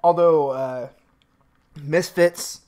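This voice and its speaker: Laid-back rambling man, slightly high voice. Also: fairly even intonation, very slow, a little mellow. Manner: rambling, laid-back, laughs often, swears casually. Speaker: live streamer reading out donations. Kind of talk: casual chat with viewers.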